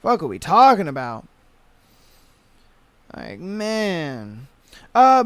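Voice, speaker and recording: High-voiced exasperated young man ranting. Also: wildly swooping pitch, very slow, pauses often, smooth, no room sound. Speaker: podcast host. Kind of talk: casual reaction commentary.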